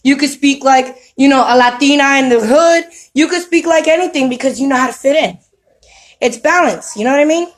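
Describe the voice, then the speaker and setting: Talking briskly in a voice that sits high, a streetwise spiritual vlogger preaches to camera at home while children are around. The recording is low quality, and she keeps asking "you know what I mean?"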